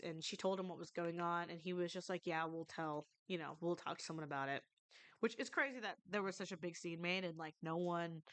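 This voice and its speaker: A woman's voice: on the low side, fairly bright tone, clean tone. A young woman streamer telling a true story in a loose, rambling way, with lots of fillers and casual swearing.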